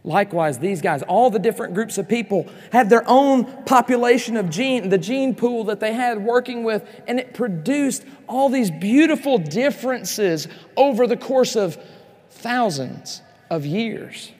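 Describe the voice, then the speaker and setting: A man giving a lively teaching sermon at a conference, speaking straight to the audience with joking asides. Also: sits high, a little slow. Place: large conference hall. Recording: long hall reverb.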